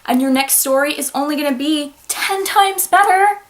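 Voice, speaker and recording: A woman author giving advice in a casual, animated talk to her viewers from a home office, breaking into sudden loud exclamations. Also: high-pitched, moderate pace.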